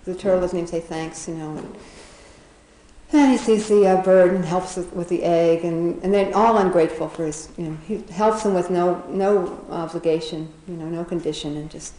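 A woman's voice: on the low side, steady tone, normal speed, mellow, roomy sound, rough recording. A woman casually retelling a children's fable, chatty, often laughing, with many fillers and restarts. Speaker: storyteller.

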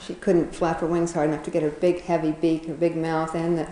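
A woman's voice: on the low side, little pitch movement, brisk, few pauses, noisy background. A woman casually retelling an animal fable, rambling with fillers and chuckling as she goes. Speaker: storyteller. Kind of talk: casual storytelling. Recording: roomy echo.

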